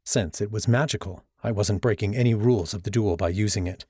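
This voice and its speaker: A man with a lowish voice reads a first-person novel aloud in an even, steady manner. The sound is close and dry, with no room around it. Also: brisk, breathy edge, no room sound. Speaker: audiobook narrator. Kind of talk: first-person fiction narration.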